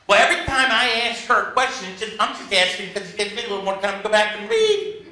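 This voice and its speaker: Man, negotiation trainer, high-pitched, very bright, humorous storytelling, echoey room. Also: sing-song, fast talker. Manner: humorous, self-mocking storytelling. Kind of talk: workshop lecture to a class.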